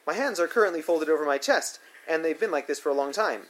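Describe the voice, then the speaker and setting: A man's voice: on the high side, animated, fast talker, a bit bright, a little hiss or hum. Dry, wry male memoir narrator. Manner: dry, wry, matter-of-fact storytelling. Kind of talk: first-person memoir narration.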